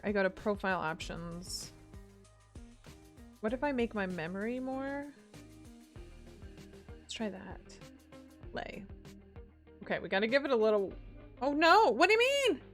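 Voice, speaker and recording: Woman streamer, high voice, very lively, chatty and giggly, faint music behind. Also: normal speed, long pauses. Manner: chatty, giggly, answers chat. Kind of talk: casual live-stream chat.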